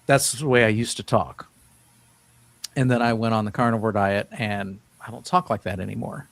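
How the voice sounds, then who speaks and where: A man's voice: on the low side, normal speed, vocal fry, no room sound. A man in his fifties, a guest in an interview, telling his story in an earnest, rambling way with many restarts. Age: 50s. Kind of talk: casual interview talk.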